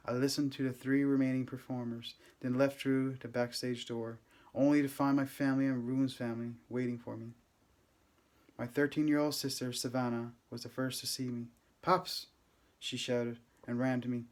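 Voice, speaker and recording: A man reading a first-person novel aloud, with steady, gentle, unhurried storytelling. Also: medium pitch. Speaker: audiobook reader.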